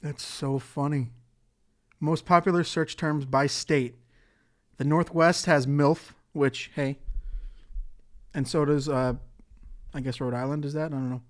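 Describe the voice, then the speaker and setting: A man's voice: fairly high pitch, fairly even intonation, unhurried, pauses often. A man hosting a solo podcast in a casual, rambling way, swearing and laughing often. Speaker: podcast host.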